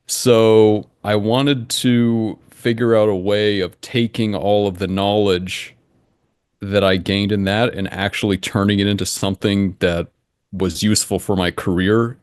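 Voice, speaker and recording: A young man with a lowish voice gives relaxed interview answers, steady and matter-of-fact. He thinks aloud, building his points step by step. The sound is dry and close, with almost no room on it. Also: unhurried, no echo. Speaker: interview guest, engine simulation creator.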